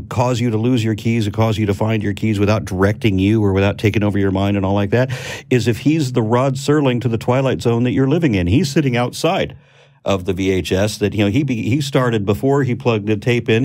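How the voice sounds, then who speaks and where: A man co-hosting a podcast, talking in a rambling, jokey, animated way. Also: medium pitch. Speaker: podcast co-host. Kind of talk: casual panel discussion.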